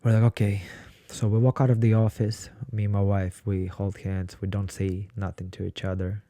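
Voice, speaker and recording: Low, flat-voiced man telling his story. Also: moderate pace, no room sound. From Ukraine. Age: 20s. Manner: blunt, swears freely while telling his story. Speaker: podcast guest. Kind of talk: casual storytelling.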